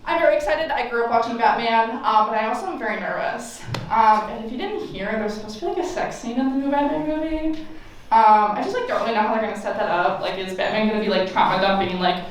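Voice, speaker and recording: Audience laughter rings through a campus forum room as a young woman does stand-up, telling stories with playful sarcasm. Her voice is a little high and fast. It's recorded from a distance in an echoey space, with slight background noise.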